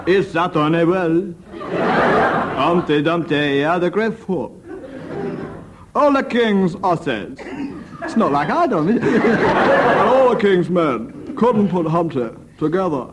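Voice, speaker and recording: A man's voice: sits high, lively intonation, takes it slowly, pauses often. A man doing an impression of a suave older French crooner with a thick French accent, crooning and exaggerated, on a radio panel show. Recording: noisy 1970s radio broadcast with loud audience. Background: studio audience laughter.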